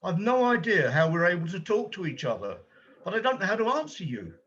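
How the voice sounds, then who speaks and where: A man's voice: sits high, sing-song, brisk, fairly bright tone, breathy edge, highs cut off, exaggerated voice. A man playing an anxious, kind-hearted gallery guide. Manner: hesitant and anxious, stumbles over words. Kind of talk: amateur stage drama.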